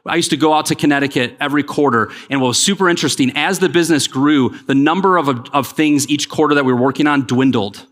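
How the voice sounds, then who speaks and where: Energetic keynote speaker in a big hall. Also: male voice, fairly high pitch, quick pace, few pauses. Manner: energetic, joking, pushes the crowd to respond. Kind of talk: conference keynote. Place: large conference hall. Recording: long hall reverb.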